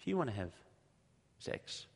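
A middle-aged Australian man preaching a sermon, telling stories and repeating phrases for emphasis, slowing down on key points. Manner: storytelling, emphatic repetition, slows down for key points. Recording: long reverb of a large hall.

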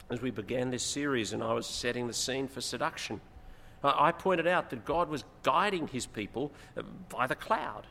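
A man's voice: mid-range voice, gravelly. Preacher man in a reverberant hall. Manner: expository, rises in emphasis, animated retelling. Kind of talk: sermon. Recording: long hall reverb, faint noise.

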